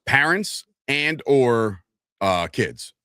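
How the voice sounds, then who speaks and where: A man in his thirties co-hosting a casual podcast, telling stories with lots of swearing and loud acted-out quotes. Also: medium pitch, drawn-out words, clear, resonant tone, no echo, clean studio sound. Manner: animated storyteller, swears freely, acts out quotes loudly. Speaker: co-host.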